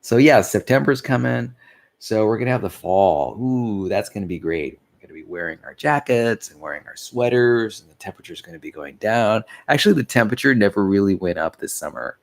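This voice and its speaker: Tired low-voiced man with gravelly fry. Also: expressive, brisk. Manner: meandering, loses his thread, laughs softly at himself. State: tired and sleepy, yawning. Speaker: vlogger. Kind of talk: casual rambling monologue.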